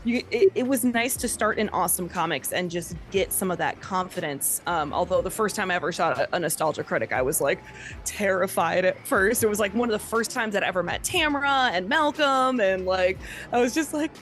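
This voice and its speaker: Podcast guest: woman from the Chicago area, a voice actor, casual and talkative, mid pitch. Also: fairly quick, fairly bright tone, faint music behind. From Chicago area, USA. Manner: chatty, lots of "like".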